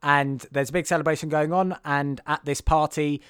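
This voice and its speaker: Dude with a smooth clean voice, close dry sound, halting podcast chat. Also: male voice, a little high, steady tone, a bit bright, no echo. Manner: hesitant, halting with fillers. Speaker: podcast co-host. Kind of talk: casual film recap chat.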